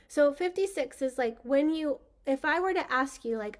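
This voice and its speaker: A woman's voice: high voice, lively intonation, moderate pace, hardly any pauses. A woman hosting a spiritual workshop, talking in a casual, enthusiastic, rambling way with lots of fillers. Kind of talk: casual teaching talk.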